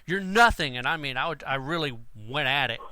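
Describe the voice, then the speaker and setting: A man's voice: mid-range voice, clear, resonant tone, no room sound. A man guest on a podcast, chatting casually and joking. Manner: lively, joking, quick to laugh. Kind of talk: casual chat.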